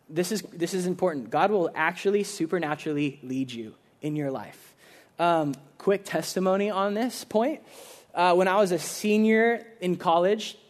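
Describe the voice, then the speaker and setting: A young man in his twenties preaching a casual sermon, telling stories with lots of "like" and acting out quick voices. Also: high-pitched. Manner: animated storytelling, acts out voices, filler "like". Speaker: pastor.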